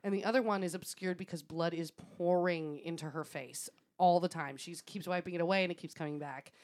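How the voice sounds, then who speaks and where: A woman with a somewhat low voice tells a story to a friend in a loose, chatty way. She laughs often and swears freely as she talks. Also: brisk. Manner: laughing, swearing, animated retelling. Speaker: podcast co-host. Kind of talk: casual storytelling chat.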